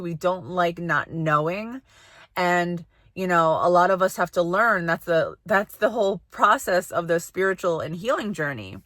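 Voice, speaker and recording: A woman's voice: fairly low pitch, sharp tone, no room sound, clean studio sound. A woman in her thirties, a psychic and healing coach, talking casually and earnestly about inner healing, reassuring and rambling with many fillers. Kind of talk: casual spiritual talk to camera.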